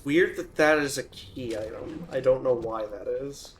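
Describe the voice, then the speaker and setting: A young man casually commenting on his own gameplay, thinking out loud with restarts, and turning loud and excitable during fights. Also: mid-range voice, measured pace, a little hiss or hum. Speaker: let's play gamer.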